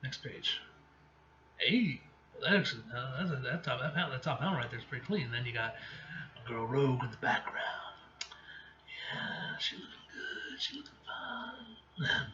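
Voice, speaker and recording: A man casually reading a comic aloud and reacting to it, excitable, cursing and laughing freely. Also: medium pitch, brisk, roomy sound, muffled recording, a little hiss or hum.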